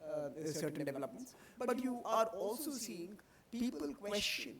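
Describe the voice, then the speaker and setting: Indian-accented man, panel moderator, chatty with fillers, higher voice, heavy crowd noise. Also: lively intonation, moderate pace. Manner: conversational, many fillers. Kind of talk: conference panel discussion. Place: conference hall.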